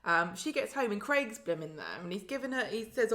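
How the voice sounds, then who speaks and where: A woman's voice: medium pitch, expressive, sharp tone. Woman, chatty podcast co-host, slips into character voices. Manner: chatty, acts out characters' lines in quick voices. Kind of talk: casual chat recapping a soap.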